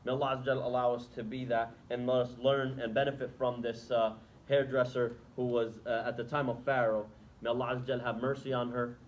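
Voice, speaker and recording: A man's voice: mid-range voice, flat delivery, quick pace, a little hiss or hum, low-quality recording. A man giving an Islamic lecture to students, talking conversationally and asking the audience rhetorical questions, then taking questions. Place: lecture room.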